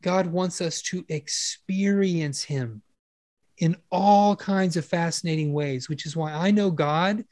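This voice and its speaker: A man's voice: on the high side, slow pace, no echo, clean studio sound. A man preaching a conversational sermon with enthusiasm, asking his listeners questions and changing his pace often. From Western country. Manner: enthusiastic, animated, with rhetorical questions to the congregation.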